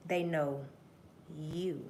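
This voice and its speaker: Woman host, lowish voice, profane and preachy livestream monologue that drops to murmurs and then rises to loud bursts, faint hiss behind. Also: steady tone, very slow. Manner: profane, preachy storytelling addressing viewers as y'all; swings between low murmurs and loud emphatic bursts.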